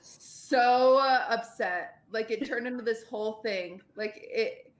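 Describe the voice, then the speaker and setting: A woman in her twenties chatting on a podcast, telling stories in an animated way and swearing freely. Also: a little high, takes it slowly. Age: 20s. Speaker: streamer guest. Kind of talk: casual podcast chat. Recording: roomy echoey recording.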